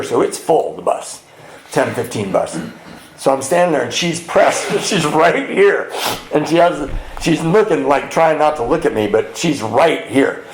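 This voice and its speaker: In a big, echoey retreat meeting hall with faint background noise, a man with a raspy, kind of high voice tells a funny sober story. He's an animated storyteller who acts out voices and laughs a lot, sharing a personal recovery testimony with humor.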